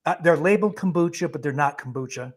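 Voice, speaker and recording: A man, a physician guest, answering viewer questions in a live Q&A, explaining in a brisk, emphatic way with frequent chuckles and blunt dismissals of bad advice. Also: a little high.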